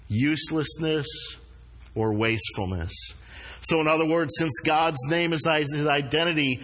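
Earnest preacher in a reverberant hall. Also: male voice, fairly high pitch, fairly bright tone. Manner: earnest, slows down to stress key words. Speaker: pastor. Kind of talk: sermon. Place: church sanctuary.

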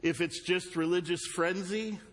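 A male pastor with a Southern US accent, preaching a sermon with loud emphatic bursts and quieter earnest asides. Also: high-pitched, steady tone, unhurried. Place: church sanctuary. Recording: long hall reverb.

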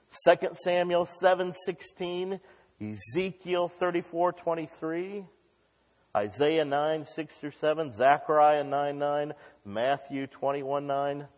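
Preacher, male, high voice, fervent sermon delivery, hushed to shouted, big reverberant church. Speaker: pastor. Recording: long reverb of a large hall.

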